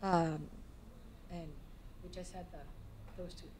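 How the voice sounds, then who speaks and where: A woman's voice: lowish voice, little pitch movement, slow pace, darkish tone, husky. A woman lecturer answering audience questions in a lecture hall, talking hesitantly with frequent restarts and "I mean" fillers. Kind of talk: academic Q&A answers.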